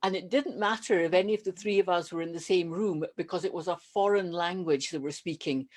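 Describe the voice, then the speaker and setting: A woman's voice: fairly low pitch, brisk. Scottish woman telling a story. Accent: Scottish, softened by elocution. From Stirling, Scotland. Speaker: podcast guest. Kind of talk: casual video-call chat. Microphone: video call.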